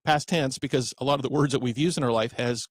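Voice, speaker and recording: A man's voice: medium pitch, no echo. A man hosting a radio talk show in a studio, chatty and correcting himself as he goes. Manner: chatty, self-correcting, slows for emphasis.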